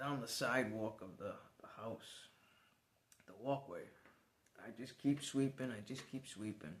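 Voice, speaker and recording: A man's voice: medium pitch, a bit bright. A man telling a personal story in a casual, rambling way, chuckling now and then. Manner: rambling, conversational, restarts, chuckles.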